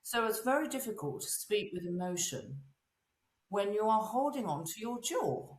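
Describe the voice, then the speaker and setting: A woman, a voice and presence coach, chatting as an interview guest and telling animated stories in which she acts out the voices of the people she quotes. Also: medium pitch, normal speed, roomy sound, crowd noise. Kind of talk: casual interview chat.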